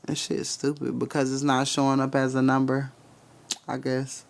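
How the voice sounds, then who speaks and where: A man live-streaming loose spiritual readings, swearing freely and breaking into laughter as he talks. His voice has a gravelly, fried edge at a middling pitch, and he speaks straight to the viewers in the chat. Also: completely flat delivery, moderate pace.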